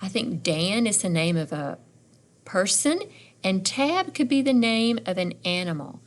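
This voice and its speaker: A woman's voice: mid-range voice, lively intonation, a little slow. A middle-aged woman teaching a phonics lesson to young readers, sounding out letters and words one by one and asking encouraging questions.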